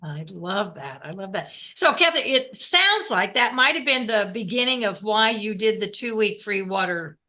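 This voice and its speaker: Woman host, bright voice that bounces all over, eager and encouraging. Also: medium pitch, lively intonation, moderate pace, hardly any pauses. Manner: enthusiastic, encouraging responses. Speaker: interview host. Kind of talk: casual interview chat.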